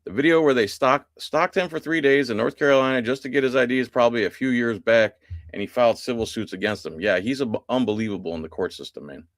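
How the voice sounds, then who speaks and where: Male streamer at mid pitch, relaxed and chatty, answering his chat live; dry, close sound. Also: fast, no echo. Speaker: livestream host. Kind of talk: casual livestream chat.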